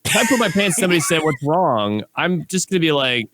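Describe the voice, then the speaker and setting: A man's voice: fairly quick, few pauses, slight background noise. A man co-hosting a podcast from home, bantering in a teasing, joking way. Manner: teasing, joking, lively swings in pitch. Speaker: podcast co-host. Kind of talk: casual banter. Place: home, remote recording.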